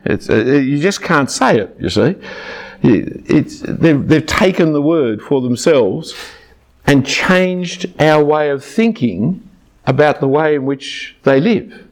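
A man's voice: on the high side, expressive, takes it slowly. An older man giving a sermon as a Bible teacher, emphatic and argumentative, with dry asides.

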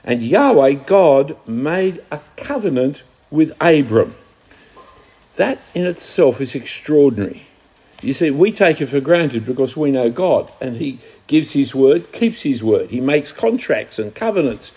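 A man's voice: a little high, sing-song, unhurried, dark tone, breathy edge. A man preaching a conversational sermon, teaching from scripture and asking his listeners questions.

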